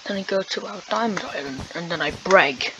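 A young woman commenting on her game casually, dramatic and whiny, swinging between loud outbursts and mumbles. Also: on the low side, animated, a little fast. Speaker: gamer. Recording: noisy background.

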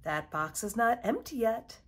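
A woman voicing an excitable Dutch postman who hollers his news, in a storybook read aloud. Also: measured pace, husky, heavily acted. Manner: hollering, booming. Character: excitable Dutch postman, man, jolly and loud.

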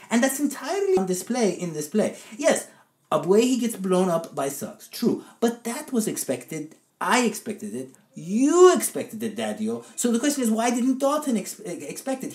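A woman's voice: on the low side, a little mellow, roomy sound. A woman co-hosting a comedic football podcast, ranting in an indignant, sarcastic, theatrical way. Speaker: co-host and football analyst. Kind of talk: comedic sports podcast rant.

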